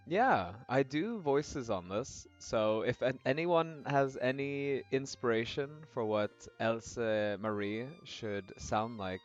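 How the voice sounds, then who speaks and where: A man streaming a game, chatting casually with his viewers in a rambling way. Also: lowish voice. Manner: chatty, rambling, frequent fillers and laughs. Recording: dull lo-fi audio with faint music.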